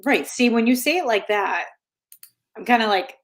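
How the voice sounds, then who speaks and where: A woman's voice: on the high side, expressive, moderate pace. Chatty woman co-host. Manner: chatty, searches for words aloud, uses fillers. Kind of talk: casual live-stream chat.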